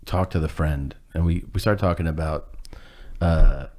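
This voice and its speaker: A man's voice: rumbling low, a little slow, darkish tone. A man telling a rambling, self-deprecating story in casual chat, acting out what people said and laughing as he goes.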